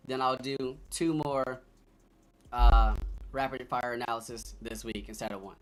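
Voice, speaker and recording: A man's voice: medium pitch, steady tone, a little slow. A man hosting a stock trading livestream, talking loosely and straight to his viewers in casual chat.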